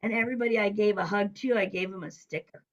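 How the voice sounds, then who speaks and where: Middle-aged woman, interview guest, animated anecdote teller, voices other people when she quotes them. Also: medium pitch, quick pace, rough recording. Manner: lively storyteller who acts out quoted voices. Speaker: guest, business coach. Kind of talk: casual storytelling interview.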